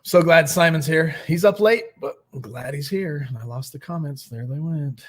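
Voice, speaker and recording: A man's voice: on the high side, normal speed. A young man hosting a nightly recovery livestream, chatting casually and greeting viewers by name.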